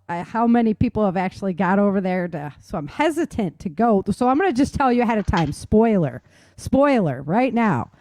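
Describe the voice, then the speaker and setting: An upbeat, chatty woman hosts a podcast, her talk bright with laughter and quick rises in pitch. She is recorded close on a dry mic with almost no room sound. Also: no room sound. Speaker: podcast host. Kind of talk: casual chat.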